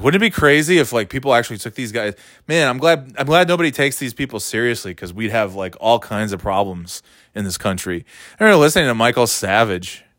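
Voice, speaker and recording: A man's voice: fairly low pitch, fairly bright tone, dry recording, studio quality. A man ranting casually as a podcast host, rambling and sarcastic, swearing a lot. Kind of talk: casual profane rant.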